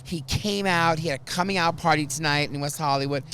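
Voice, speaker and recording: A man hosting a podcast in casual chat, an animated storyteller who acts out quotes loudly. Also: on the high side, brisk, slight background noise. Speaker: podcast host.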